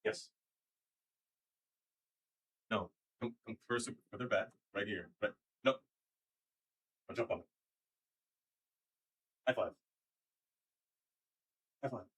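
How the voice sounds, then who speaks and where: A man's voice: lowish voice, slow, long pauses, fairly bright tone, breathy edge, no room sound. A man live-streaming, chatting casually with his viewers and pets, laughing often and rambling. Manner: giggly, rambling, talks to chat and pets.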